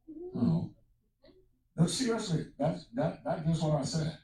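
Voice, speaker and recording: A man's voice: fairly high pitch, sing-song, measured pace, long pauses, mellow, heavy reverb, recorded from a distance, low-quality recording. A man from Africa telling a personal testimony as a sermon, mixing storytelling with exclamations of praise. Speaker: preacher.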